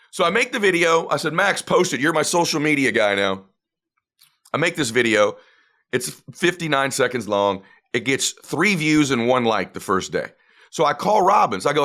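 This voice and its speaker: A middle-aged man telling a story as a guest, acting out the dialogue with big jumps in pitch. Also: animated, fairly quick, fairly bright tone. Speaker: guest speaker. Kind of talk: animated storytelling.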